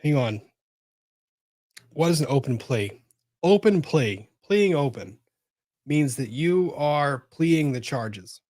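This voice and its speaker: A man's voice: medium pitch, animated, slow, pauses often, a little mellow, no echo, studio quality. A man hosting a live legal commentary show, thinking aloud, exclaiming and swearing as he reacts.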